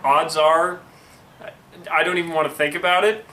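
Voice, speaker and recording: A young man retells a friend's story with wry asides and loose, rambling tangents. His voice is bright and sits a little high. The recording is echoey, with a faint hiss behind it. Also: fairly even intonation, moderate pace. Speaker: host reading a friend's story. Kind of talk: casual comedic storytelling. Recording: echoey room with faint noise.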